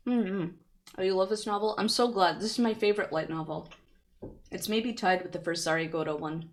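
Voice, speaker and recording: A woman's voice: mid-range voice, steady tone, brisk. A woman streamer reading a light novel aloud and chatting with her viewers, laughing often.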